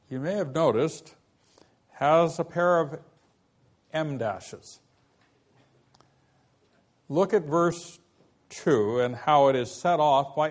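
A man teaching a Bible lesson at an unhurried, measured pace. His voice sits a little higher than most men's, and he walks through the text step by step with rhetorical questions. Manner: slow, deliberate explaining with rhetorical questions.

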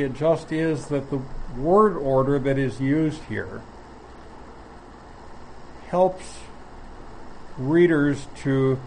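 A man teaching from the Bible in a measured, explanatory way, often pausing mid-phrase. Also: on the high side, darkish tone, slight background noise, rough recording. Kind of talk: sermon.

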